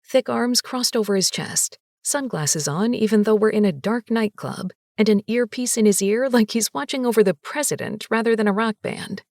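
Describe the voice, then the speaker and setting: A woman narrating a first-person audiobook with a lively, sassy and expressive delivery. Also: on the high side, normal speed, few pauses, no room sound, clean studio sound.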